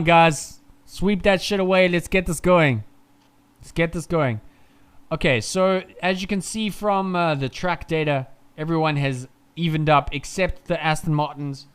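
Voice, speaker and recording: A young man hosts a live race-watching stream with a high, smooth, crisp voice. He rambles and swears and jumps between excitement and grumbling asides. He sounds short on sleep. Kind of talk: casual live race commentary.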